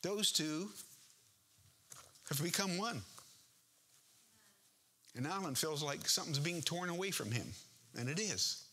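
A man's voice: a little high, expressive, measured pace, pauses often, bright, forceful tone, breathy edge. A man preaching a sermon as pastor in a church, earnest and impassioned, building to emphatic peaks.

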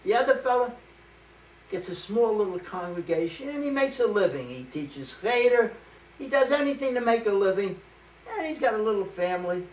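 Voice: mid-range voice, lively intonation, normal speed, darkish tone. Chatty joke teller in an echoing room. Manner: chatty, checks in with "okay?". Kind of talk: telling a joke to a live group. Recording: roomy, from far off the mic.

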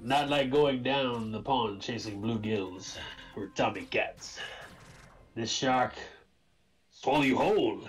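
A man putting on a gruff old sea captain. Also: medium pitch, slow pace, long pauses, far from the mic, pitched below the performer's own voice, natural voice, low-quality recording. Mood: menacing.

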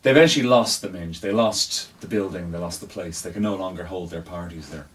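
A man's voice: low-pitched, brisk, a bit bright, far from the mic. A man, chatting casually as co-host about weekend events, swearing freely and trailing off with fillers. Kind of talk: casual chat.

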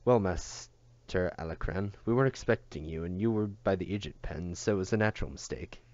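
A man voicing a gruff, menacing male farm patrolman in a storybook reading, snarling and blunt. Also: deep voice, a little fast, darkish tone, no echo, dull audio, natural voice. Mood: placating.

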